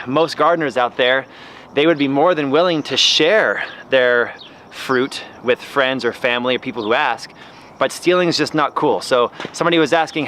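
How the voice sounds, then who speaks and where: A man hosting a gardening vlog, telling a story in a chatty, animated way while standing in his front yard. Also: medium pitch, a little hiss or hum. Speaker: gardening channel host.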